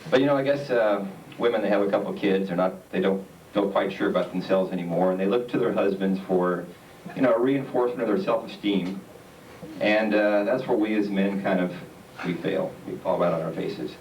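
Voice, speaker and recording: A man's voice: sits low, darkish tone, slight background noise. A man doing a stand-up comedy set on stage, rambling along with plenty of hesitant filler. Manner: rambling, halting delivery with many "uh"s. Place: theater stage. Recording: echoey theater recording from far off. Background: audience laughter.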